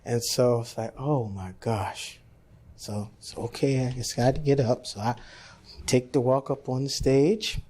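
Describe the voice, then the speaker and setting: A man's voice: mid-range voice, moderate pace. A man, a jazz pianist, telling a story in an interview and acting out the voices of the people in it. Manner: animated storyteller, acts out quoted voices.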